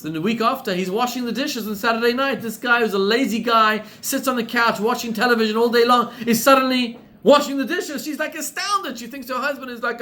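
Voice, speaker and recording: A male rabbi from Zimbabwe telling a story as part of a sermon, in an animated way that climbs to excited peaks. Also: very high-pitched.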